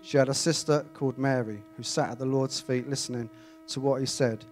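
A man's voice: medium pitch, a little fast. Man preaching a conversational sermon. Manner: conversational, animated, self-interrupting. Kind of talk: Bible reading and informal sermon. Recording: faint mains hum.

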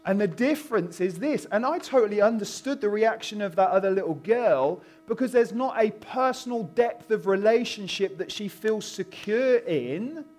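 High-voiced man preaching. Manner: conversational, animated storytelling with acted-out voices. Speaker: pastor. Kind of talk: sermon.

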